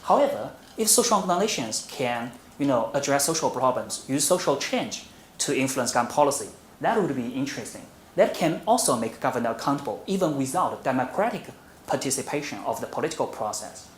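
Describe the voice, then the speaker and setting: A roomy echo and faint constant hum fill a university lecture room where a visiting academic, a man of middle pitch, delivers his presentation. He speaks at a measured pace, regularly pausing on "uh" and beginning sentences again.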